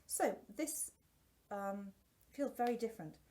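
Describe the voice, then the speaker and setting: Talking through a face mask that muffles her a little, this woman, a singing teacher, chats her way through a casual product review. Her mid-range voice is mellow and lively in intonation, her pace a touch slow, and she's self-deprecating with frequent restarts.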